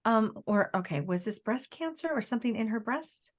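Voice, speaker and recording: A woman psychic medium gives a live reading, feeling her way through each message with fillers and restarts. Her voice sits fairly high. She often slips into quoting the spirit in first person. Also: lively intonation. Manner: halting, searching delivery with many fillers and restarts.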